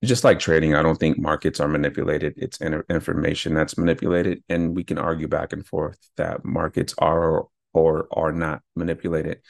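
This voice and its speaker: Man, podcast host, deep gravelly voice, casual rambling self-corrections, dry close sound. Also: completely flat delivery, normal speed, few pauses, no echo. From California. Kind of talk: unscripted solo podcast talk.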